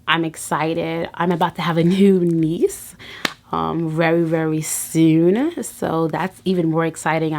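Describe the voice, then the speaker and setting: Gravelly-voiced woman vlogging with earnest faith. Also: on the low side. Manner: earnest, faith-filled encouragement with frequent restarts. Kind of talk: personal vlog talk.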